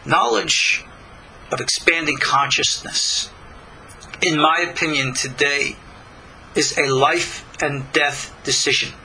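An older man from Long Island, giving a slow, deliberate spiritual lecture with many pauses. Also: on the high side, pushed and bright, a little hiss or hum, poor audio. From Long Island, New York. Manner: slow, deliberate, pausing between phrases. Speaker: spiritual teacher.

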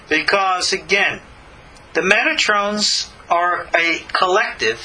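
A man leads a recorded Torah class with a high, lively voice. His tone is very bright and cutting. He speaks in an animated way, with folksy asides and rhetorical questions to his listeners. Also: a little hiss or hum, low-quality recording. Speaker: Torah teacher.

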